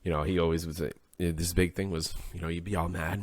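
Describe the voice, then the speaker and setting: A man who is both a podcast co-host and a workplace supervisor rambles through a casual chat, acting out the things people say to him. His voice sits low with a level tone, he talks fast, and there's no echo.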